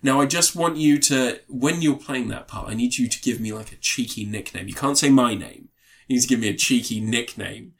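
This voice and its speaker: A man's voice: mid-range voice, a little fast, fairly bright tone. A man co-hosting a podcast, telling a story in casual chat, laughing often and swearing freely. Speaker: podcast co-host.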